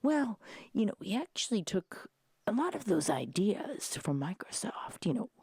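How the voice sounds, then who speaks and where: A woman putting on an impression of her mild, earnest father in a breathy half-whisper. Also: medium pitch, sing-song, unhurried, darkish tone, no room sound, clean studio sound, voice pushed up, full character voice.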